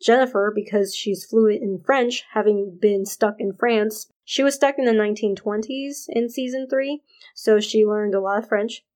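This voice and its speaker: A woman co-hosting a podcast, recapping a TV episode in a deliberate, chatty way with fillers. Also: medium pitch, a little mellow, poor audio. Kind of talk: casual chat.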